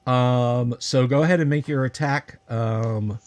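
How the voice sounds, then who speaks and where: A man narrating as game master of a tabletop game on an online stream, casual and halting with many filler words. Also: medium pitch, fairly even intonation, a little mellow. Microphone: video call.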